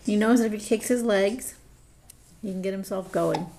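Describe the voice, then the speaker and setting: A woman's voice: medium pitch, moderate pace, creaky, dark tone, a little hiss or hum. A mother cooing at her infant in sing-song, playful baby talk.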